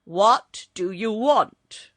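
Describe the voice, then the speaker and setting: A woman reading a storybook, voicing a shaggy, protective man who calls out loudly. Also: lowish voice, sing-song, slow, no room sound, exaggerated voice. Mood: calling. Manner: calling out loud.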